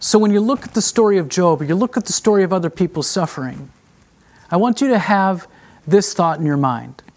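High-voiced emotional male preacher. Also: lively intonation, a little fast. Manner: emotional, confessional preaching that swings from hushed to raised; addresses the congregation directly as friends. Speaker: traveling preacher. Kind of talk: sermon.

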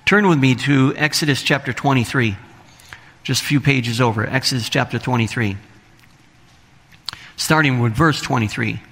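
A man's voice: medium pitch, moderate pace, pauses often, fairly bright tone. A man preaching a sermon to his congregation, reading scripture aloud and asking the listeners questions. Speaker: pastor. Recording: long hall reverb.

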